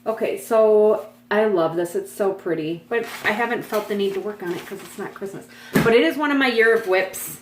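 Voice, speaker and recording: A woman's voice: normal speed, reverberant, noisy background. A woman chatting casually in a home vlog, rambling with lots of ums and restarts as she shows her stitching projects. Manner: pitches up sharply when calling her dogs. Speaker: cross-stitch vlogger. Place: at home, dogs nearby.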